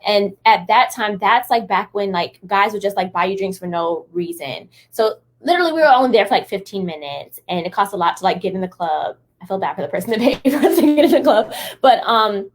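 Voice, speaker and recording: Storytelling woman co-host, mid-pitched. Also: brisk, hardly any pauses. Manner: animated storyteller, acts out quotes, many fillers like "like". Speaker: podcast co-host. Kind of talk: casual chat.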